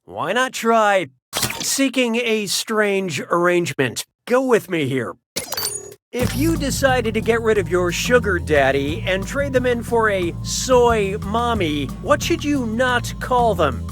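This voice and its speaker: A man voicing a wisecracking quiz show host who reads trivia questions with snarky, mocking punchlines. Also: sits high. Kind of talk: scripted game show hosting.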